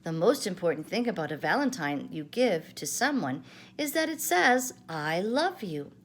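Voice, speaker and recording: A shy little piglet, as an older woman puts him on speaks in a soft, small voice. He sounds gentle and careful. It is a storybook voice. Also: on the low side, very animated, normal speed.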